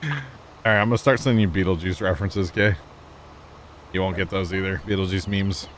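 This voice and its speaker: A man's voice: sits low, fairly even intonation, a little fast, slight background noise. A man streaming a farming game, chatting casually in a joking, wry way and talking to his chat. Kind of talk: casual chat while gaming.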